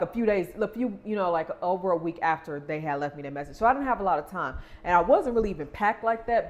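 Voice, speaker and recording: A young adult woman vlogging, casually retelling a stressful moving story and acting out the quoted exchanges. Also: on the low side.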